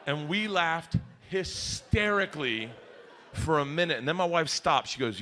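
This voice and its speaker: A man performing a stand-up comedy set on a live stage, telling stories loudly and acting out other people's voices. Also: sits high, a little fast, background noise. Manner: loud, animated storytelling with acted-out voices.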